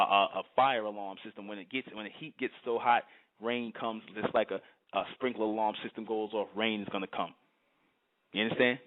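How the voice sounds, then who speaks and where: A man with a fairly low voice lectures in an emphatic, preachy solo monologue. He drives his points home by repeating them and often checks whether the listener understands. The sound is thin and tinny, like a phone line. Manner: emphatic, repetitive, keeps asking "you understand?". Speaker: channel host.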